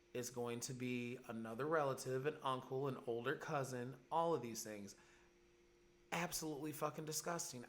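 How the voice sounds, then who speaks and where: A man in his forties rants on his podcast, his monologue angry, heated, and laced with profanity. The voice is medium in pitch and fairly bright, picked up by a podcast mic.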